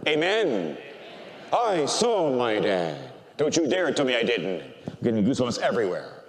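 An older male priest preaches in a church with a long, ringing reverb. His pitch leaps and falls with feeling, now raised in proclamation, now dropped low and hushed as he grows emotional. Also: huge pitch swings, normal speed. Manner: emotional storytelling, swinging from loud preaching to quiet, near-tearful speech. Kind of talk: sermon.

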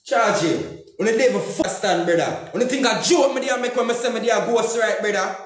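A man's voice: sits high, a little fast, slight background noise. Ranting Jamaican man in an echoey room. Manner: heated, cursing, repeating phrases in Jamaican Patois. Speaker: comedian and YouTuber. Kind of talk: angry social media rant.

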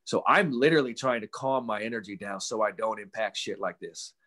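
A man who coaches mental performance, a guest on a casual podcast interview over a video call. He tells stories with animated energy, swears casually and acts out the voices of people he quotes. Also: fairly low pitch, fairly quick.

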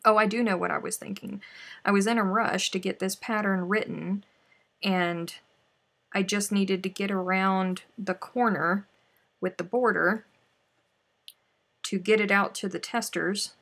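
A woman hosts a live crochet stream, chatting casually, exclaiming, and muttering to herself as she works. Her mid-range voice is a bit bright and steady in tone, and she speaks unhurriedly with long pauses.

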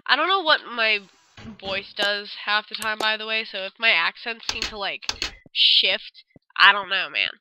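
A young woman casually commenting as she plays a game, reacting loudly and swearing freely. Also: medium pitch, normal speed, a little hiss or hum, rough recording. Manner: expressive and swearing, reads dialogue aloud. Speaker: let's play gamer.

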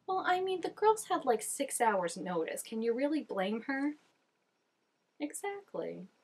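A woman's voice: high voice, big pitch swings, a little slow, breathy edge. A young woman giving casual reaction commentary, chatty and full of "like" fillers. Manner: chatty, filler-heavy with constant "like". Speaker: reaction video host.

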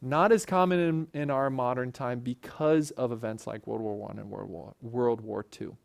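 A man's voice: medium pitch, fairly even intonation, normal speed, creaky. A man teaching a Bible lesson for a church in a conversational way, often checking in with the listeners.

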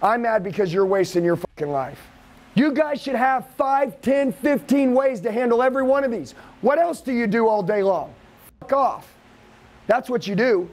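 A man with a high voice drives a live sales seminar for a room of trainees. He rants, swears and pushes them hard, with no letup in his pressure. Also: lively intonation, moderate pace. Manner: profane, aggressive, hyped-up lecturing.

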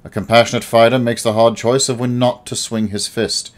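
A man voicing a gentle, tired uncle and former teacher who speaks softly and consolingly. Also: medium pitch, little pitch movement, lightly acted. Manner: soft, consoling, measured.

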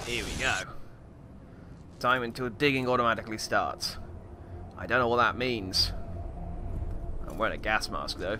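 A man giving joking gameplay commentary in a hammy, put-on Australian accent, with wry, self-mocking deadpan asides. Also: mid-range voice, normal speed, long pauses. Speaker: let's play commentator. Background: video game music.

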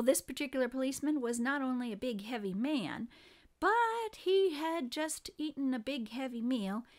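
Female reader, slightly high voice, expressive storybook narration. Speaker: reader of a children's book. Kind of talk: reading a storybook aloud.

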